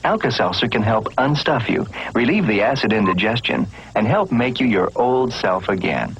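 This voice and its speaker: A man's voice: medium pitch, expressive, normal speed. A man reading a vintage TV commercial voice-over. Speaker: commercial announcer. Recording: dull, noisy old TV ad.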